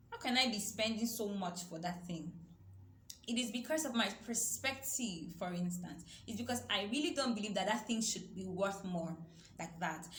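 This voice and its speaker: Earnest woman teaching scripture. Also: mid-range voice. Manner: earnest, repeats herself, quotes scripture. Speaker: youth Bible study teacher. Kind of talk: Bible study teaching. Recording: echoey room with faint noise.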